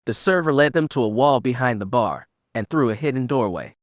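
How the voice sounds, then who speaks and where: Male audiobook narrator, mid-pitched, measured, dry close mic. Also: lively intonation, no room sound. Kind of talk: scripted narration.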